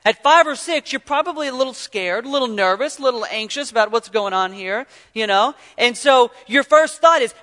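A man preaching an earnest sermon, telling stories and swinging from loud emphasis to near-whisper. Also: extremely high pitch, animated, fairly quick, few pauses, big-room sound. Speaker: pastor.

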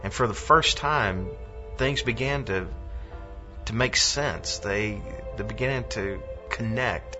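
A man giving a reflective personal faith testimony and pausing often with hesitant fillers. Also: fairly low pitch. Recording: lo-fi with background music.

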